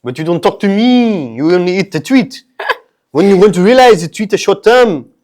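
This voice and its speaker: A man's voice: expressive, moderate pace. A man putting on a playful, exaggerated French accent while talking to a dog. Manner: loud, playful, high-pitched. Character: over-the-top French charmer talking to a dog.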